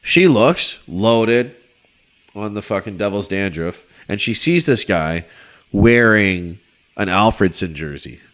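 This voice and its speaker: Low-voiced man telling a wild story. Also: slow. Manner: animated, swearing, shouts when quoting people. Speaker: podcast co-host telling a story. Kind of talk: casual storytelling among friends.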